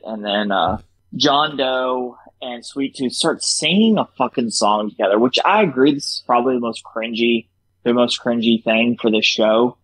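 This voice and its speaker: A man's voice: mid-range voice, rough recording. A young man co-hosting a casual podcast, recapping a TV episode with lots of swearing and acted-out lines. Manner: animated, profane, acts out scenes with laughter. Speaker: podcast co-host.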